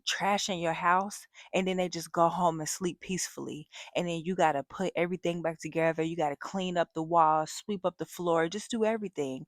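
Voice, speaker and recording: Young woman vlogging, lower voice, pretty dry sound, candid and reflective with lots of ums. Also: no echo. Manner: candid, reflective, many fillers and restarts. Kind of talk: personal vlog monologue.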